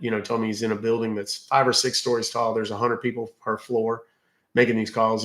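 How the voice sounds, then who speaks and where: A man's voice: on the low side, fairly bright tone. Chatty Southern man in an echoey room. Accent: Southern American. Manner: chatty, drawling, many fillers. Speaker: livestream host. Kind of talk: casual livestream chat reading comments.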